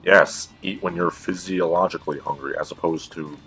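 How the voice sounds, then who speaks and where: A man's voice: low voice, fairly even intonation, moderate pace, fairly bright tone, faint music behind. A man hosting a comedic review, with dry, sarcastic commentary. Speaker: video reviewer and host.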